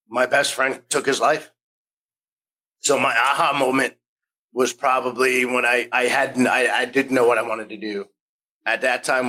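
A man's voice: mid-range voice, pushed and bright, poor audio. A man in his fifties from the United States, a podcast guest telling rambling stories, restarting sentences and acting out the voices he quotes. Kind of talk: casual storytelling interview.

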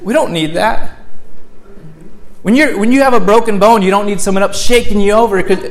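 A male pastor preaching a sermon in a church, moving between raised, emphatic lines and soft, gentle ones. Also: sits high, brisk, pauses often. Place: church sanctuary.

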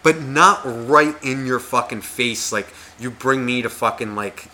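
A male podcast co-host speaks at a measured pace in a mid-range voice, telling a laid-back story full of swearing. Animated and profane, he imitates the voices of the people he quotes.

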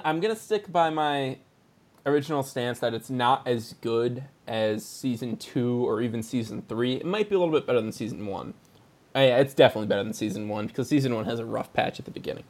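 A man's voice: mid-range voice, brisk, darkish tone. A man hosting a podcast, chatting casually and rambling through a retelling, often laughing. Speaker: podcast host. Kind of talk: casual review chat.

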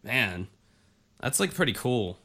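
Bright-voiced man in laid-back chat. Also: medium pitch, big pitch swings, takes it slowly. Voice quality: rambling, many fillers and restarts. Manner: laid-back, jokey, swears casually. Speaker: podcast co-host. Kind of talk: casual chat.

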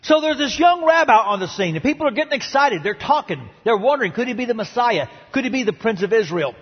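A man preaches in a large church auditorium, swinging hard between loud and soft. His voice sits high and lively, with a husky edge. The sound is dull and rings out with long hall reverb. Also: quick pace. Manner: dramatic preaching with big swings in pitch and loudness. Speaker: pastor. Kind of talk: sermon.

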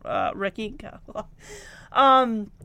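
A woman's voice: fairly high pitch, wildly swooping pitch, drawn-out words, gravelly, bright, forceful tone. A woman giving a chatty, giggly recap and review of a TV episode, with frequent fillers.

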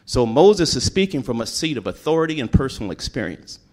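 A man's voice: medium pitch, very animated, a little mellow. A man in his sixties preaching a folksy, emphatic sermon about fathers. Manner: emotional, pauses to compose himself.

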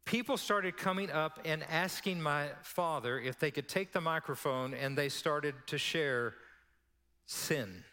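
A man's voice: a little high, unhurried, bright, forceful tone. A male pastor telling a story in a sermon, acting out the dialogue as he goes. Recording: long hall reverb.

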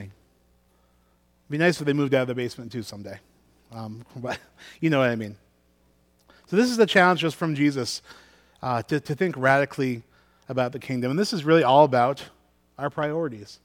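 A middle-aged man preaches as pastor, first reading scripture and then relating self-deprecating stories in a chatty way with many restarts. He is expressive and medium-pitched, speaking at a normal speed with long pauses.

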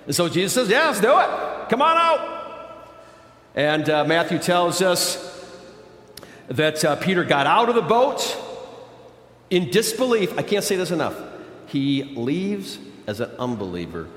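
Male pastor, higher-pitched voice, dramatic sermon delivery, big reverberant church hall. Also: sing-song, measured pace. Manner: dramatic, swings from loud emphatic bursts to low quiet intensity.

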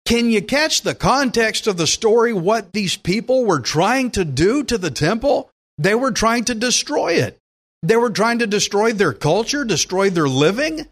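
Older male pastor, folksy and emphatic Bible teacher, voice on the high side. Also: lively intonation, moderate pace, fairly bright tone. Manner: folksy and emphatic, acts out quotes.

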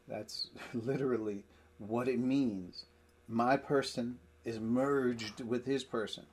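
A man's voice: mid-range voice, a little mellow, husky. A man teaching a Bible study, explaining verses emphatically with everyday examples.

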